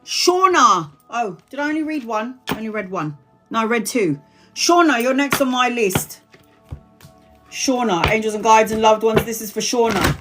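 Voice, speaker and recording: A woman's voice: fairly high pitch, moderate pace, music in the background. A woman giving a live-stream tarot reading, chatty and blunt, swearing freely and calling viewers honey and sweetheart. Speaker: tarot reader.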